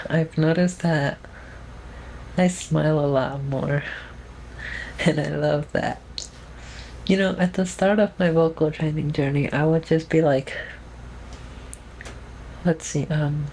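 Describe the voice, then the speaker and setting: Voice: medium pitch, vocal fry, a little mellow, a little hiss or hum, low-quality recording. A young adult vlogger speaking in a trained feminine voice, giving a casual, rambling update at home with lots of fillers and restarts. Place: at home, alone with camera.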